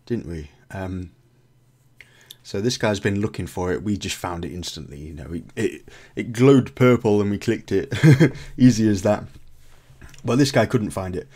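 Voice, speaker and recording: A man's voice: fairly low pitch, darkish tone. A man hosting a game video, chatting through his playthrough and laughing at his own slips. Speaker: gaming video host.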